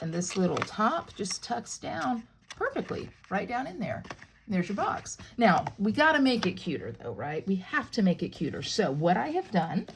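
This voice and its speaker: A woman's voice: mid-range voice, gravelly, background noise. A middle-aged woman hosting a crafting tutorial, chatting playfully with viewers as she demonstrates and jokes along the way.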